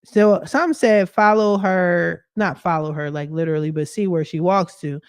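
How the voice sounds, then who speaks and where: A woman's voice: fairly low pitch, moderate pace, hardly any pauses, smooth, dry recording, clean studio sound. A woman, a credit expert, livestreaming from her living room at home and chatting animatedly as she multitasks through a story.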